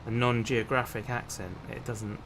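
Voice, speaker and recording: A man's voice: mid-range voice, level tone, normal speed. A man from Hampshire chatting casually while streaming a game, laughing often and greeting viewers. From Hampshire, England. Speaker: livestreamer. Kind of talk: casual gameplay chat. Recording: clear game noise behind.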